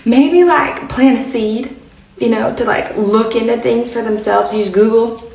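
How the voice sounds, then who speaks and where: A woman's voice: a little high, unhurried, creaky, darkish tone, roomy sound, far from the mic, rough recording. A woman casually retelling a conversation, chatty, dropping to near whispers when she quotes someone. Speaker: political commentator. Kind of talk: casual storytelling monologue.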